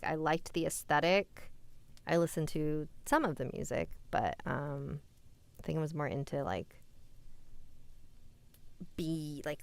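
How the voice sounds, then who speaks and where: This young woman, hosting a live stream from indoors, reads frightening stories and then replies to her chat in a casual, chatty way, easily amused and laughing. Her low voice is clear with a resonant tone, and the recording is dry.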